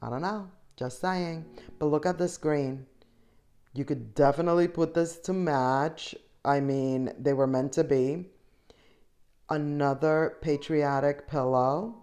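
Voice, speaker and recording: A woman's voice: deep voice, slow pace, warm tone, faint music behind. A middle-aged woman chatting enthusiastically to viewers as she shops, talking to them directly. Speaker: shopping vlogger. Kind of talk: casual shop-with-me voice-over.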